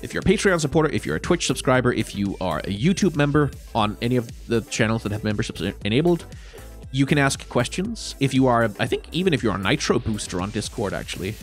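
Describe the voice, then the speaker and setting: This man sounds stuffed-up and nasal, his sinuses swollen, as he winds down a casual solo Q&A. He rambles, circles back on his own words and swears offhandedly. Faint music plays quietly behind him. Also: mid-range voice, sing-song, quick pace, hardly any pauses. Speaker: YouTuber answering viewer questions.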